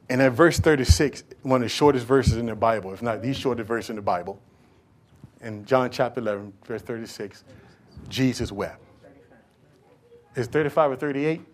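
A pastor preaching a sermon, swinging from hushed lines to loud bursts and acting out scenes from scripture. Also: male voice, medium pitch, normal speed, pauses often. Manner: acts out dialogue with Bible figures.

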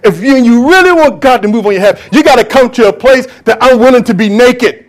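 Impassioned high-voiced male preacher. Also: lively intonation, fast talker. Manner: impassioned, swings from loud calls to hushed whispers; addresses congregation directly, acts out quoted voices. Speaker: pastor. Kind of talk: sermon.

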